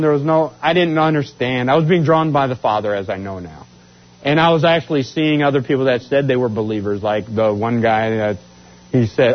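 A man from Washington state telling his life story as a testimony, acting out what others said. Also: brisk. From Washington state, USA. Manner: animated, acts out quotes with rising pitch. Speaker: speaker giving a testimony. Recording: dull lo-fi sound.

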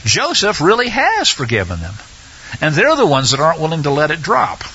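Husky, animated man teaching scripture. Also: fairly high pitch, highs cut off. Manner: conversational, with halting fillers and restarts. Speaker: Bible teacher. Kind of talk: Bible study teaching.

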